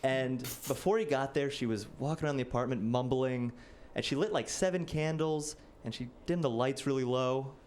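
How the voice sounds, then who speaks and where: A man's voice: mid-range voice, normal speed, a little mellow, a little hiss or hum. Self-deprecating young male stand-up comic. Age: late 20s. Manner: casual, self-deprecating, lots of "like". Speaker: stand-up comedian. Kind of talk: stand-up comedy set. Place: stage before a live audience.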